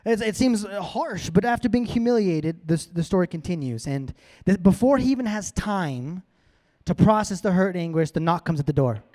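Male preacher, higher voice, chatty storytelling sermon with comic voices. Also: lively intonation, moderate pace, a little mellow. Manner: casual, playful retelling with acted-out character voices.

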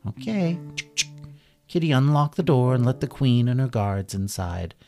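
A man reading a children's story aloud in a playful, animated way, with soft guitar music behind him. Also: mid-range voice, normal speed.

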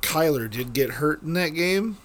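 A young man co-hosting a casual fantasy football podcast, reacting quickly and laughing often. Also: on the high side, lively intonation. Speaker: podcast co-host.

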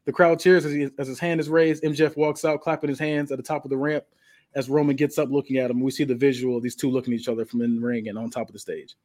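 A man's voice: medium pitch, level tone, quick pace, a little mellow. Casual man retelling a wrestling story. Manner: casual, with restarts and fillers.

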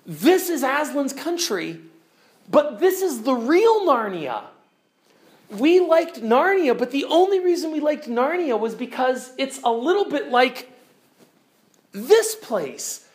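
A woman's voice: sits high, big pitch swings, slow pace, a little mellow, voice pushed up, heavily acted. A woman doing a marveling young girl. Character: wonder-struck young girl, joyful.

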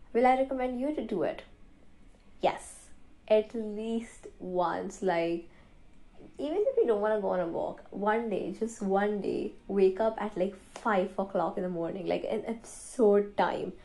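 A woman's voice: mid-range voice, creaky, warm tone, rough recording. A young woman vlogging in a rambling, chatty way, full of casual fillers. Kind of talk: casual chat to camera.

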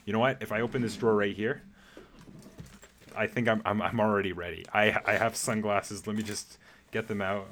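Playful man with a somewhat low voice. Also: fairly even intonation, fairly quick, fairly bright tone, slight background noise. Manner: playful, laughs often, many fillers. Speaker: podcast host answering voice messages. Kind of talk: casual, rambling monologue.

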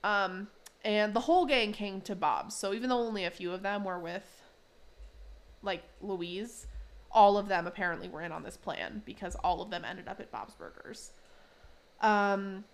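A woman's voice: medium pitch, normal speed. A woman hosting a podcast, casually recapping a cartoon episode in a chatty way, with frequent laughs and fillers. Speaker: podcast host.

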